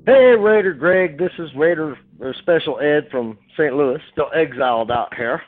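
A man's voice: fairly high pitch, animated, moderate pace, few pauses, soft background music. A man calling in to a radio show, venting his frustration with plenty of swearing. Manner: frustrated, profane, exasperated. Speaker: caller. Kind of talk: angry fan rant. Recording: tinny phone line.

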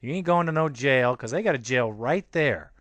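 Guy ranting on his football podcast, pissed off and repeating himself, mid pitch, dead dry room. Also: lively intonation, moderate pace, fairly bright tone, no room sound. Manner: angry, repetitive, emphatic. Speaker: podcast host. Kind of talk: fired-up sports podcast rant.

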